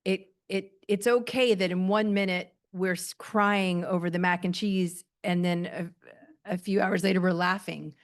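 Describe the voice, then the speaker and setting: A middle-aged woman giving a sermon in a gentle, plainspoken, reassuring way. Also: lowish voice, steady tone, unhurried. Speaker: pastor.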